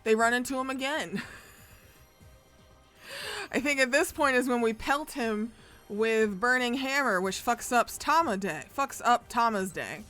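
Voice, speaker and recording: A woman's voice: fairly high pitch, expressive, slow pace, bright, forceful tone, faint music behind. A woman streamer casually recapping a story, chatty and rambling, swearing freely as she goes. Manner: profane, chatty, rambling with fillers.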